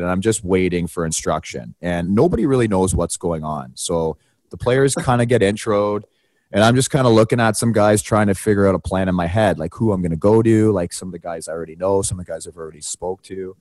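A man co-hosting a podcast, telling a story in a casual, animated way with wide swings in pitch and some casual swearing. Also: brisk, no room sound. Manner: animated, swings his pitch widely when retelling. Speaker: podcast co-host and hockey broadcaster.

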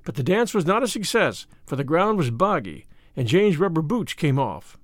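Here a male audiobook narrator tells a story in an expressive storytelling style, his pitch fairly high and his pace moderate. The scripted narration is recorded dry, at studio quality.

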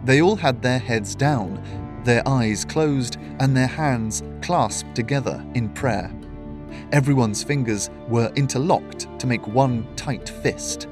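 A man reading a fantasy story aloud in steady, measured scripted narration. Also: medium pitch, over music.

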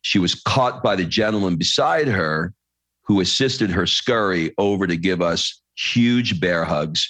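A man hosting a podcast interview, reading a story aloud and then talking in a lively, casual way, swearing now and then. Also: deep voice, dry recording. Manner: animated, swears casually, quick asides. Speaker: podcast host.

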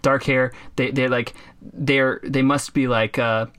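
A man co-hosting a casual podcast, talking in a sarcastic, profane way and jumping into high mocking voices for the people he quotes. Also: steady tone, unhurried, a bit bright, slight background noise. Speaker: podcast co-host.

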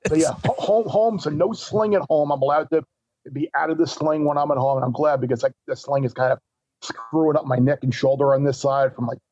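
A man's voice: on the high side, fairly even intonation, brisk, a little mellow, no room sound, dull audio. A man joining a betting talk show as a guest, talking in a stop-start way and repeating words as he thinks. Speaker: guest sports bettor.

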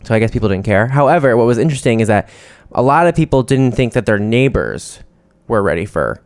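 A man's voice: medium pitch, big pitch swings, brisk, clean tone, no echo. A man co-hosting a podcast in casual chat, chatty and campy, swearing casually. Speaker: podcast co-host. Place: New York City.

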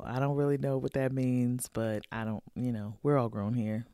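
A woman's voice: extremely low pitch, normal speed, mellow, no room sound, clean studio sound. A woman in her forties hosting a podcast, giving frank, slangy, playful advice to listener letters and laughing often. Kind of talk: casual advice chat.

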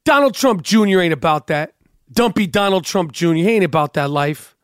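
A man's voice: sits high, animated, normal speed, clean tone, dry recording, clean studio sound. A man co-hosting a comedy podcast, ranting with profane disbelief in casual chat. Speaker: podcast co-host.

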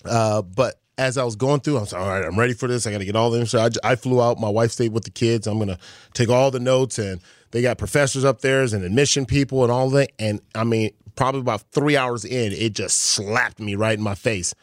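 A man's voice: mid-range voice, brisk, dry recording, clean studio sound. A man in his forties, a podcast guest, talking reflectively in casual chat with many fillers.

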